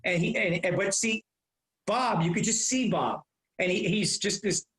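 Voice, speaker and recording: High-voiced rambling comedian. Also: male voice, normal speed, roomy sound, rough recording. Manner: animated, rambling storyteller. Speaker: comedian guest. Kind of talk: casual interview chat.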